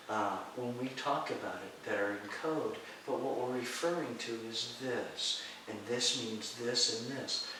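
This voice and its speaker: Animated man telling a story in an echoey room. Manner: animated storyteller, acting out voices in a high shout. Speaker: guest teacher of Taoist mysticism. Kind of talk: storytelling interview. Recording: echoey room, distant mic, faint hiss.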